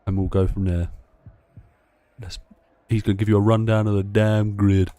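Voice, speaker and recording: A man's voice: lowish voice, level tone, normal speed, warm tone. A man chatting casually to himself while playing a racing game. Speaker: gameplay streamer. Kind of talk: casual gameplay commentary.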